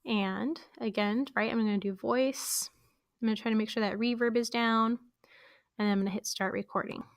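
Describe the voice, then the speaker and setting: A woman with a high-ish, steady voice explains podcast editing in a casual screen-recorded tutorial, walking through each step at a moderate pace with friendly fillers. The recording is studio quality with no echo.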